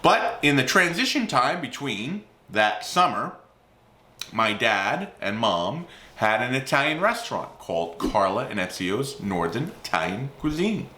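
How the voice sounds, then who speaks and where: Lively fifty-something man telling a story. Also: mid-range voice, measured pace. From New Jersey. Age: 50s. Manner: animated, enthusiastic, lots of fillers. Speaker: host. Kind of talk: casual storytelling vlog. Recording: roomy echo.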